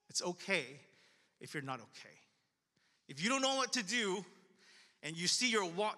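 Earnest high-voiced pastor, echoing hall. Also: male voice, bright, forceful tone. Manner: earnest, conversational, repetitive. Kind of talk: sermon.

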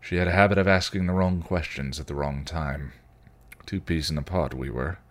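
A man's voice: very deep voice, moderate pace. A man voicing a volatile, bitter male vampire who rants and snarls. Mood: wistful. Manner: snarling, ranting.

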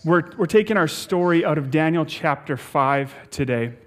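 Upbeat pastor, higher-voiced man. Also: animated, moderate pace, a bit bright. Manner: upbeat, playful, laughs easily. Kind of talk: sermon.

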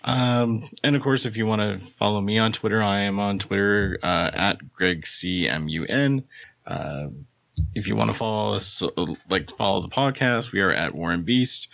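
A man's voice: fairly low pitch, gravelly, fairly bright tone, dry recording. A man co-hosting a podcast, chatting casually, laughing often while plugging the show. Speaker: podcast co-host.

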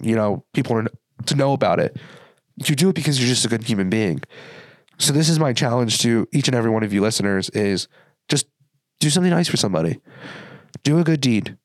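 A man's voice: medium pitch, no echo. A young man hosting his own podcast, telling a story in a casual, earnest way and acting out what people said. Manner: earnest storytelling, acts out quoted dialogue. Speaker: podcast host. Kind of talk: casual solo podcast monologue.

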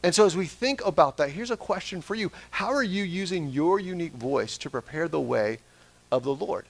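A man's voice: on the high side, animated, a little fast, creaky. A man preaching a sermon as pastor, asking the congregation question after question. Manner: asks the congregation repeated questions.

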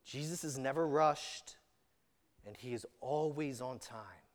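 A man's voice: medium pitch, a little slow, big-room sound. A man preaching a sermon as pastor, telling stories earnestly with frequent restarts.

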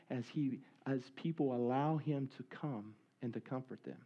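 A man's voice: mid-range voice, normal speed, few pauses, dark tone, husky, lo-fi sound. A man giving a sermon as a conversational, earnest story, acting out quoted dialogue as he goes. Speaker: speaker at a church service.

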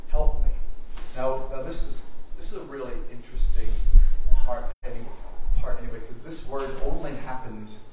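A man's voice: medium pitch, normal speed, heavy reverb, far from the mic, noisy background. A male pastor giving a conversational sermon, acting out the voices of the people he quotes. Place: church.

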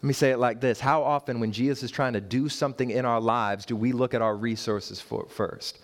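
A man's voice: steady tone, fairly quick. A man preaching a sermon to his congregation, with rhetorical questions, emphatic repeated phrases and playful asides to the church. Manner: builds in pitch and force toward emphatic points, with rhetorical questions. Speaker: pastor.

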